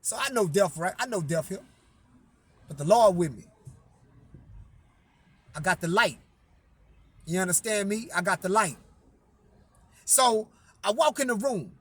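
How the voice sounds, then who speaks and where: High-voiced man telling a story, profane. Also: expressive, unhurried, long pauses, fairly bright tone, slightly rough. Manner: repeats "I say" to frame quotes, emphatic.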